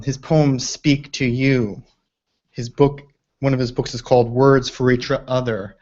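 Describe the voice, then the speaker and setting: Slow, reflective man on a dull recording. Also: mid-range voice. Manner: reflective, halting, with restarts. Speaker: poetry reader and commentator. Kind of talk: spoken commentary on a poem.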